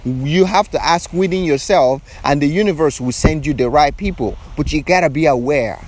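A man's voice: on the high side, normal speed, a little mellow. A man giving an earnest spiritual monologue outdoors on a beach, firing off repeated rhetorical questions. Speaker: spiritual speaker.

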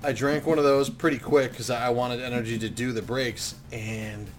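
A man in casual chat, telling a rambling story with lots of swearing and acting out what he said back then, sometimes getting loud. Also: mid-range voice, moderate pace, faint music behind. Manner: animated, swearing, acts out his own past talk loudly.

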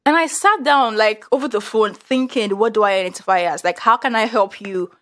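A woman's voice: a little high, fairly quick. A young adult woman with a Nigerian accent, chatting casually and acting out dialogue as she tells stories. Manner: lively storyteller acting out dialogue. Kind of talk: casual chat.

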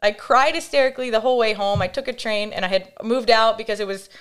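A young adult woman, a podcast guest, telling a candid personal story in a casual, animated way, with many fillers and quoted voices acted out. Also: a little high, fast talker, clean tone.

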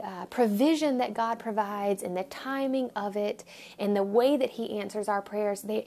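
A woman on a devotional podcast gives an informal, earnest, rambling talk to listeners, often restarting and sometimes dropping almost to a whisper. Her mid-range voice is gravelly yet mellow.

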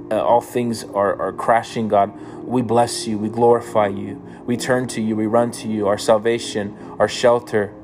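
A man's voice: fairly low pitch, a little mellow, a little hiss or hum. A man reading psalms aloud and then praying fervently for listeners, like a pastor. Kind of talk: scripture reading and prayer. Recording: music playing behind the voice.

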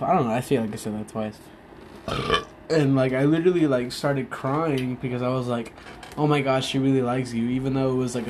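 A drunk young man talking in a casual, rambling monologue, halting often, losing his thread and swearing freely. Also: medium pitch, darkish tone, a little hiss or hum.

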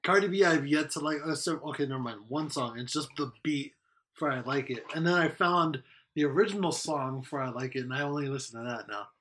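A man with a notably high speaking voice rambles through a loose chat with friends. He jokes along and peppers nearly every sentence with swearing. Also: fairly quick, a bit bright. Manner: profane, rambling, joking. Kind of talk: casual chat.

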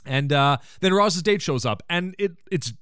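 A man's voice: a little high, animated, unhurried, fairly bright tone, smooth, no room sound, clean studio sound. A man hosting a podcast, recapping an episode in casual chat, enthusiastic and full of joking asides. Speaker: podcast host.

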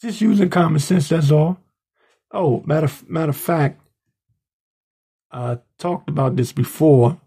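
With a fairly high, mellow, husky voice, a male podcaster based around Washington DC rants angrily and indignantly while ridiculing his subjects. He speaks a little slowly and leaves long pauses.

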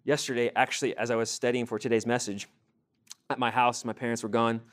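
A young man teaching a sermon to a group, animated, acting out everyday scenes and quizzing his listeners. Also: medium pitch, brisk. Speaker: youth teacher.

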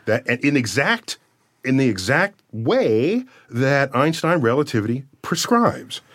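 Man, science guest, lively explainer with big theatrical emphasis. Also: medium pitch, a little slow. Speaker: astrophysicist guest. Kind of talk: casual conversation.

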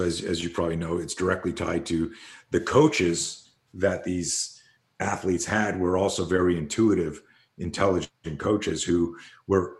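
A deep-voiced older man talks in a loose, rambling way, swearing now and then and slipping into the voices of people he quotes. His voice rings out in an echoey room. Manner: rambling storyteller who swears freely and acts out quotes. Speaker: podcast guest, fear coach. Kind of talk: casual conversation.

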